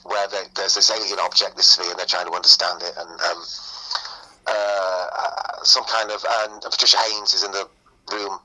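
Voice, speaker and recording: A man's voice: sits low, little pitch movement, moderate pace, bright, forceful tone, slightly rough, poor audio. A man co-hosting a casual film discussion, giving hesitant, rambling opinions with many fillers. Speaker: film podcast co-host.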